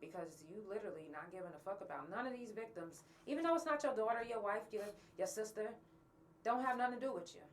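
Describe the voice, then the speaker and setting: A woman's voice: medium pitch, lively intonation, fast, recorded from a distance, a little hiss or hum. A woman hosting a podcast, talking bluntly and angrily to her listeners and swearing often. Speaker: podcast host. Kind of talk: candid monologue to listeners.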